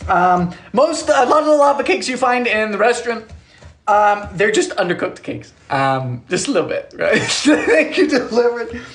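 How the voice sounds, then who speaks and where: Chatty male baking streamer in a small home kitchen, fairly high voice, lots of swing in the pitch, jokey, thanks viewers by name. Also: very animated, normal speed, fairly bright tone. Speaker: baking livestream host. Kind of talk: casual live-stream chat while baking.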